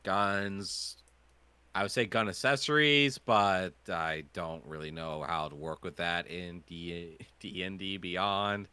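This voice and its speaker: A man's voice: sits low, slow pace, pushed and bright, clean tone, no room sound. A man running a tabletop game as game master, talking casually and thinking aloud.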